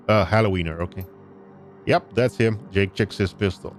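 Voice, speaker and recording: A man streaming a game live, reading the story text aloud and making chatty, excitable asides to his chat. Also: on the low side, moderate pace, soft background music. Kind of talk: live game playthrough with read-aloud narration.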